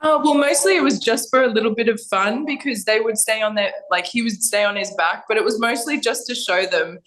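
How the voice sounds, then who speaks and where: Young aussie woman, bright voice, blunt and laughy, swears a lot. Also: fairly high pitch, brisk, low-quality recording. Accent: Australian. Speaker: guest fighter. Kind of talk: casual podcast chat. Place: Thailand.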